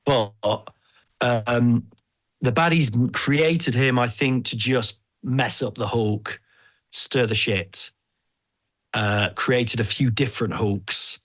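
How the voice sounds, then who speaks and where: A man hosting a podcast, chatting casually in an animated, rambling, jokey way. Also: medium pitch, slow. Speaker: podcast host.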